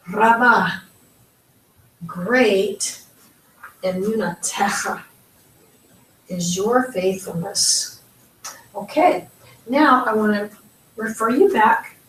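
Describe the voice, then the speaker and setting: Slow, patient woman teaching pronunciation. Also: a little high, distant mic. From United States. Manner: patient, careful, spells out sounds slowly. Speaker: Hebrew teacher. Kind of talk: slow step-by-step language lesson. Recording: echoey room, voice from off-mic.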